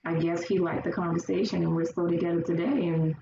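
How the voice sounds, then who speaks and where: A woman guest in casual conversation, telling her stories lively and acting out the people she quotes. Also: fairly low pitch, quick pace, creaky. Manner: animated storyteller acting out quoted voices. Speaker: podcast guest. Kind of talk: casual chat. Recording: roomy, distant, dull sound with faint hiss.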